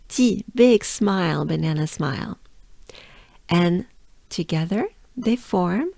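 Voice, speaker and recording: Woman, French accent, pronunciation teacher, patient repetition, very slow pace, dry sound. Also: fairly low pitch, animated, gravelly, warm tone, no room sound. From France. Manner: patient, repeats sounds slowly and coaxes the listener to join. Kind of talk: slow, drilled pronunciation lesson.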